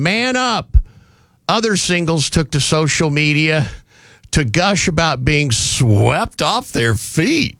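A man's voice: fairly high pitch, gravelly, a bit bright, no room sound. A man hosting a talk radio show, delivering mocking, sarcastic commentary on a studio microphone.

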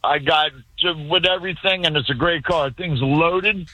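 A man's voice: fairly high pitch, normal speed, sharp tone, no echo. A man from Florida calling into a radio show, stubborn and stammering as he talks. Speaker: caller. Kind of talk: phone-in radio call. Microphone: phone. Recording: muffled phone line.

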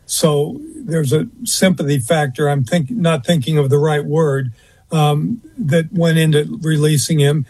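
A man's voice: on the high side, fairly even intonation, darkish tone, slightly rough, no room sound. A man telling a long story as an interview guest, rambling a little with frequent fillers and restarts. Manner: rambling, fills pauses with uh and um, restarts. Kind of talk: anecdotal storytelling in conversation.

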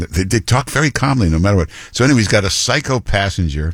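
A man's voice: lowish voice, sing-song, fast talker, few pauses, slightly rough, no room sound, studio quality. A male talk radio host giving blunt, mocking commentary with many fillers and restarts.

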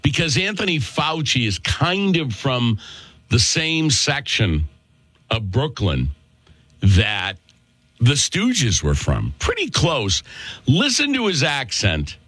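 A man's voice: mid-range voice, wildly swooping pitch, takes it slowly, a bit bright, slightly rough, dry recording. A male talk show host with a Worcester, Massachusetts accent, delivering a chatty, opinionated monologue and calling listeners folks.

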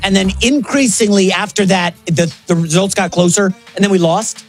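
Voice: medium pitch, normal speed, soft background music. A co-host on a sports talk show, chatty and conversational, setting up stories and tossing to the host. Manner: chatty, conversational, brings in topics.

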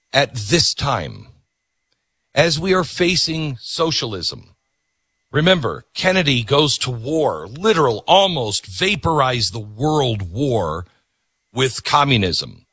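A man hosting an opinionated talk show with a lively, swinging delivery and plenty of sarcasm. His voice is bright and a little husky, close and dry in the studio. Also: medium pitch, no room sound. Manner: animated, sarcastic, ranting. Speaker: radio talk host.

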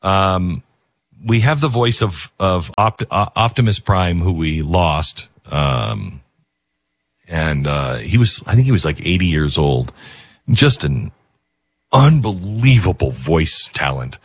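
A man's voice: deep voice, animated, slow pace, slightly rough, dry recording, clean studio sound. A man hosting a talk show, speaking emotionally and rambling, with many restarts. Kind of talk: casual talk radio commentary.

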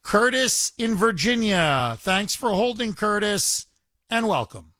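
Indignant talk radio host. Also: male voice, high-pitched, takes it slowly, no room sound, studio quality. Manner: indignant, animated, repeats himself.

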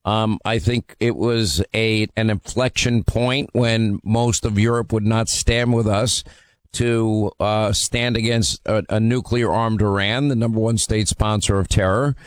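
A man hosting a call-in radio talk show, speaking in a forceful, emphatic way with frequent fillers. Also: lowish voice, fairly even intonation, unhurried, smooth, no room sound. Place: radio studio.

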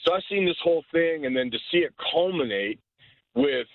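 Rambling male caller on a gravelly phone line. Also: a little high, animated, brisk, no room sound. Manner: rambling, meandering. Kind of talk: rambling call-in talk.

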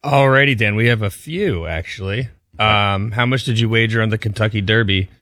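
Easygoing low-voiced studio crew member. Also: male voice, moderate pace, pushed and bright, no room sound. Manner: easygoing, explanatory. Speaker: show producer. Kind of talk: studio banter.

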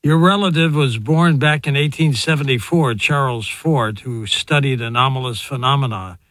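A man's voice: medium pitch, normal speed, fairly bright tone, dry recording. A man asking an interview guest brief, direct questions.

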